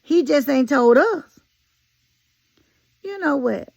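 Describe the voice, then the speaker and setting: A woman's voice: high voice, expressive, slow pace, vocal fry, a little mellow, dry recording, highs cut off. A woman giving folksy, sassy casual commentary straight to her viewers. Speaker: commentary vlogger.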